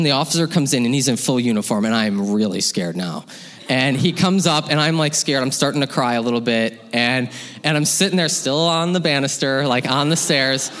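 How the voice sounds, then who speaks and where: A man telling a personal story live on stage, lively and laughing, acting out the voices of his parents. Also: mid-range voice. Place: hall with audience. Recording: long hall reverb.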